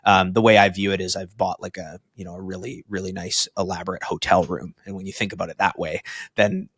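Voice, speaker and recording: Guy on a betting podcast, lowish voice, rambly and excitable, lots of ums, dry close mic. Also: a little fast, husky, no echo. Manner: rambling, excitable storyteller, many fillers, swears freely. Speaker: podcast co-host. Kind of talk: casual chat.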